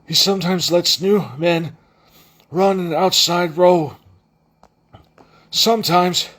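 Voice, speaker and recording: A man voicing a weary male bridge runner who gives quiet advice in a hollow, muffled voice. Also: sits high, steady tone, slow pace, voice pushed up, heavily acted. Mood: advising.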